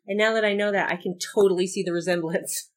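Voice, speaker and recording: A woman's voice: medium pitch, steady tone, fast. Woman, podcast co-host, casual film commentary, blunt, opinionated, trivia-sharing.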